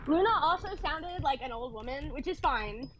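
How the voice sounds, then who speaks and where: Woman, high voice, vocal fry, valley girl talk, retainer in, casual gaming chat. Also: lively intonation, moderate pace, fairly bright tone, slight background noise. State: talking with a retainer in. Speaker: streamer host.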